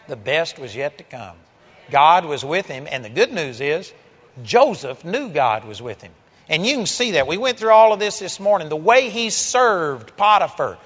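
A man preaching a sermon in a church, emphatic and forceful, shifting between quiet stretches and sudden loud exhortations. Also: high-pitched, in a large hall, muffled recording.

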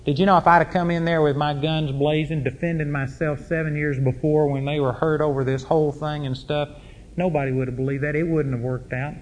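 A man's voice: fairly high pitch, steady tone, brisk, slight background noise. A middle-aged man preaching a sermon, telling personal stories in a folksy, emphatic way. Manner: folksy, emphatic storytelling with rising intensity. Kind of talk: sermon storytelling.

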